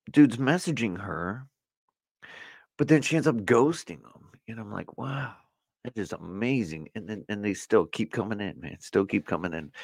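Speaking in a fairly low voice, a middle-aged man hosts a solo podcast, rambling loosely and peppering his talk with "you know" and "like." The recording is studio quality with no room sound, captured on a camera setup for video.

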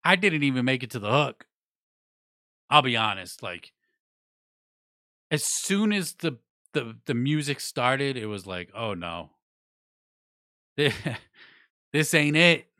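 A man's voice: mid-range voice, very animated, measured pace, long pauses, pushed and bright, dry recording, clean studio sound. A man giving a blunt, profane, rambling music review in casual chat. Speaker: music news vlogger.

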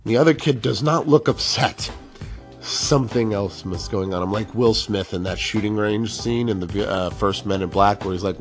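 A middle-aged man, a teacher, spins a funny story from his classroom in a lively, self-mocking voice that sits a little low. He slips into the voices of the people he quotes, with faint music behind him. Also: moderate pace.

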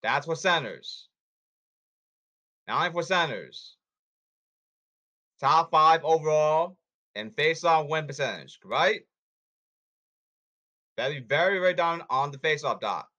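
Animated, hectoring male sports podcaster. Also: a little high, a little slow, long pauses, dull audio. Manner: blunt, hectoring, repeats himself. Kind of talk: casual sports commentary monologue.

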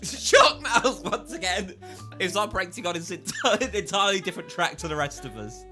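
A man co-hosting a casual podcast chat over a video call, talking loudly, swearing a lot and breaking into laughter. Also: high-pitched, animated, brisk, soft background music. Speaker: podcast co-host. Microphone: foam-covered microphone.

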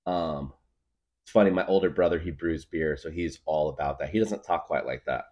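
Deep-voiced rambling comic guy. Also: normal speed, darkish tone, lo-fi sound. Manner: rambling, heavy on filler words, jokey exaggeration. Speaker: podcast guest, craft beer guru. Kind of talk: casual comedic monologue.

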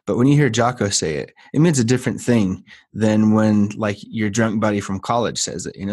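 A man with a fairly low voice hosts a podcast and talks in an earnest way. He leans on repetition to drive a point home. The tone is emphatic and sincere throughout. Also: fairly quick, hardly any pauses, a little mellow. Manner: earnest, emphatic, repeats phrases to build a point. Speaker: podcast host. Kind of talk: casual podcast conversation.

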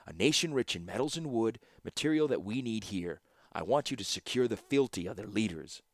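Narrator as a cold warlord, low, slow, flat. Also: male voice, no room sound. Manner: expressionless, measured and slow. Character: cold, calculating male warlord ruler. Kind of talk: audiobook character voice.

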